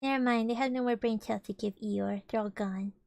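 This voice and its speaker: A woman's voice: fairly high pitch, steady tone, a little fast, gravelly, darkish tone, no room sound, studio quality. A young woman streamer reading a storybook aloud with playful, chatty asides to her viewers. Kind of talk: casual storybook read-aloud with chat.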